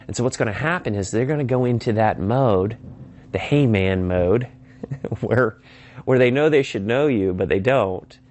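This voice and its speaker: A man with a fairly low voice teaches phone sales in an instructional talk. He speaks emphatically and acts out sample lines of a call. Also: moderate pace, darkish tone. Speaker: sales trainer.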